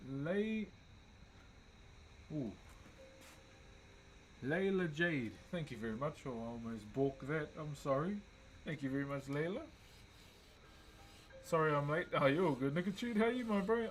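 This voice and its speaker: A young man with a New Zealand accent, hosting a relaxed livestream and greeting viewers by name while he carves wood. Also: a little high, moderate pace, long pauses, slight background noise, low-quality recording. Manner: laid-back, greets chat viewers by name. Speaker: livestream host. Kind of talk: casual livestream chat while wood carving.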